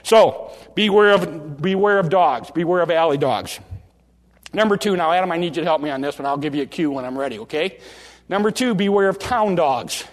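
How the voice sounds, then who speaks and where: A man preaching a sermon from the pulpit in a folksy, animated way, often restarting phrases and slowing down for drama. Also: fairly high pitch. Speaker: pastor. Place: church sanctuary. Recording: long reverb of a large hall.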